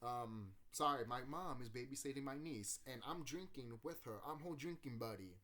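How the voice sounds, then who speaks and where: A man's voice: mid-range voice, normal speed, pushed and bright. A man hosting his channel, talking casually from a room at home about a movie, swearing often, laughing and acting out scenes. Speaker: YouTube channel host. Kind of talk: casual movie review rant.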